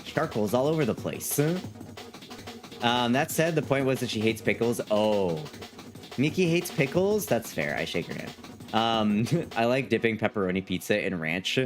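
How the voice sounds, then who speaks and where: A man's voice: on the low side, expressive, moderate pace, soft background music. A man chatting casually on a live stream, reading chat aloud in a playful, rambling way and repeating himself.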